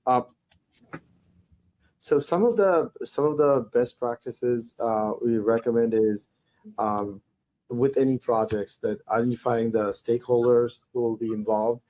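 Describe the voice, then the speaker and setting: A man speaking on a business webinar panel at a middling pitch. He rambles through his points and keeps restarting his sentences. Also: measured pace, dark tone, highs cut off. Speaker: tech company executive.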